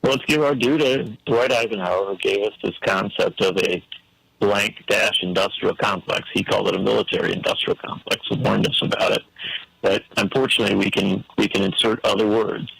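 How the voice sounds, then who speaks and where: A man's voice: lowish voice, steady tone, fairly quick, gravelly, a bit bright, slightly rough, no echo, poor audio. A man giving an emphatic, preacherly political commentary on a talk show, full of rhetorical questions.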